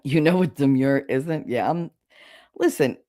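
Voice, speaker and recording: A woman's voice: a bass voice, unhurried, warm tone, no room sound, studio quality. A woman vlogger telling stories about her family in a blunt, sarcastic, casual way. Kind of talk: casual storytelling.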